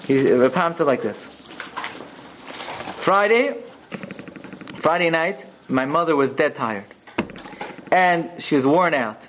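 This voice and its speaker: A man teaching a Torah lesson in a sermon style, animated and acting out the quotes he tells. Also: fairly high pitch, a little slow, pauses often, a little hiss or hum, poor audio. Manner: animated storyteller, acts out quotes. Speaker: rabbi teaching a Torah class.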